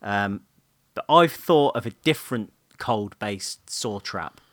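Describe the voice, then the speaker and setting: Playful, expressive male podcast host. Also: fairly low pitch, slow, no echo, studio quality. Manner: playful, giggly storyteller. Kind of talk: casual chat.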